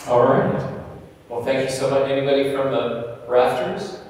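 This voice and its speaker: A man hosting a Sunday service and taking prayer requests, relaxed and playful. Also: medium pitch. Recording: echoey hall, voice from a distance.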